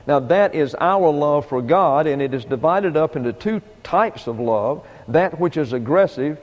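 Male pastor, fairly high voice, methodical sermon delivery, reverberant room. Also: lively intonation, highs cut off. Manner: measured, methodical teaching.

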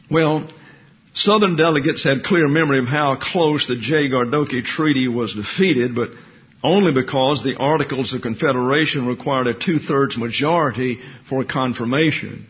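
A man's voice: mid-range voice, moderate pace, highs cut off. A man giving a history lecture, reading passages and adding conversational, opinionated asides. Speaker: teacher.

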